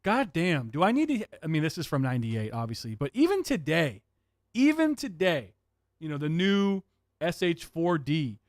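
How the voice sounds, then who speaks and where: A man hosting a livestream, chatting casually with viewers in an excitable, profane way and laughing often. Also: fairly high pitch, moderate pace, no room sound, studio quality. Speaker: livestream host.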